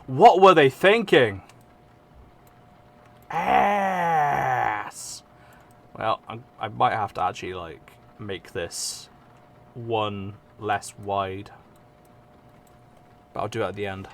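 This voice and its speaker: A man's voice: fairly low pitch, steady tone, takes it slowly, pauses often, fairly bright tone, a little hiss or hum. A young man with an English accent streams casually, rambling, swearing often and mocking himself. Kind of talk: casual live-stream chat.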